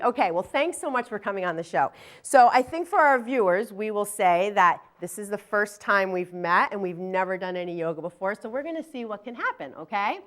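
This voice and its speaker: A young woman leading a children's yoga class on a TV show, playful and encouraging, singing and counting along with the kids. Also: medium pitch. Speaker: kids' yoga instructor.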